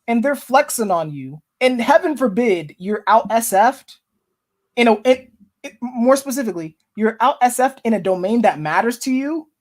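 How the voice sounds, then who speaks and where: A man hosting a podcast, animated and slangy, teasing his guest in casual chat. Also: very high voice, normal speed. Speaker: podcast host.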